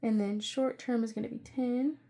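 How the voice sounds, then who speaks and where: A young woman chatting casually through her budget, rambling with excitable asides. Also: fairly high pitch, moderate pace. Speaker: budgeting channel creator.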